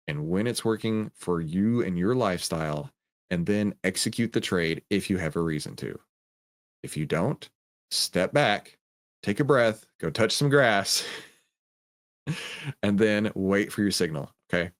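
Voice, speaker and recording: A man's voice: on the low side, lively intonation, normal speed. A man hosting a trading livestream, reading chat questions and coaching viewers in an upbeat, conversational way.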